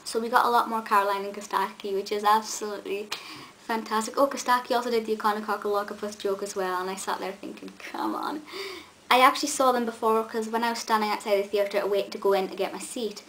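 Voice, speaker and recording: A woman's voice: mid-range voice, steady tone, fast talker, fairly bright tone, poor audio. Gushing young woman, faint hiss. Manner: gushing, chatty, with many ums and restarts. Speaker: vlogger. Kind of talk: casual chat to camera.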